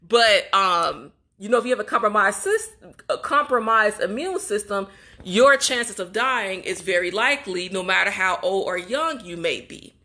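A woman's voice: mid-range voice, expressive, normal speed, pushed and bright. A young woman from Chicago, a graduate student, venting in an upset, emotional vlog straight to her viewers. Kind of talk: casual emotional vlog monologue.

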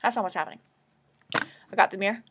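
A tearful woman speaks to her camera at home in a casual confessional vlog. Her voice sits at an ordinary middle pitch, and she rambles nervously, sometimes sinking into a whisper. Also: fast talker, a bit bright, husky. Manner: rambling, anxious and emotional, often dropping to a whisper. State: tearful, crying. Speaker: vlogger.

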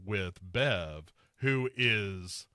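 A man with a low, bright and forceful voice hosts a casual podcast. He recaps a film scene by scene, slipping into mocking voices for the characters. The sound is close and dry. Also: animated, very slow, no room sound. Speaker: podcast host. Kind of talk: casual movie recap chat.

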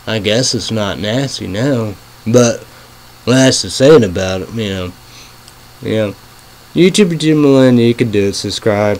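A man's voice: fairly low pitch, poor audio. A man hosting his own online show in casual rambling talk, full of "you know" fillers and swearing. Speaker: show host.

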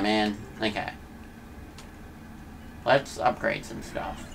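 A man's voice: on the low side, level tone, measured pace, vocal fry, long pauses, fairly bright tone, a little hiss or hum. A man streaming a video game, chatting casually and joking with his chat as he plays. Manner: laid-back, joking asides to chat. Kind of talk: casual let's-play commentary.

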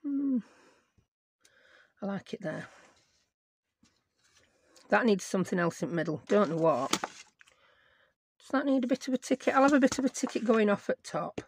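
A woman's voice: medium pitch, lively intonation, normal speed, long pauses, breathy edge. A middle-aged woman, hosting a chatty crafting tutorial and rambling to herself as she works. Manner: rambling, self-mocking, talks to herself while working. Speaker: craft channel host.

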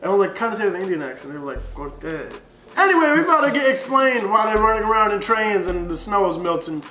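Excitable high-voiced man, roomy echo. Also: fast. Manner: playful, jokey, excitable. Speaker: co-host of a reaction channel. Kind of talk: casual chat. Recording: echoey room with music under.

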